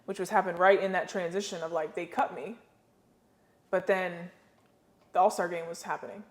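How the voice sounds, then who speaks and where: Animated woman telling stories. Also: on the low side, normal speed. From United States. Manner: animated storyteller, slangy, acts out voices. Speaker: podcast guest, former pro basketball player. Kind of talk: casual storytelling interview.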